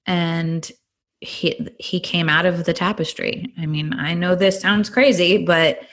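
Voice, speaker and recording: A woman's voice: lowish voice, fairly even intonation, a little slow, a bit bright. Earnest woman telling her story. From California. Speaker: guest. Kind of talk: personal testimony in a podcast interview.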